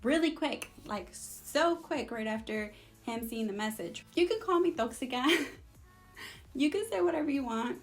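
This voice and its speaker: Young woman, sassy storytime vlogger, high-pitched, faint music behind. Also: normal speed. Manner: sassy, animated, switches between English and Spanish. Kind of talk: storytime vlog.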